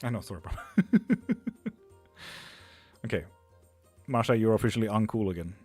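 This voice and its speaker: A man's voice: lowish voice, lively intonation, moderate pace, darkish tone, husky, faint music behind. A man, a tarot reader hosting a live stream, chatting loosely with viewers, swearing and laughing often.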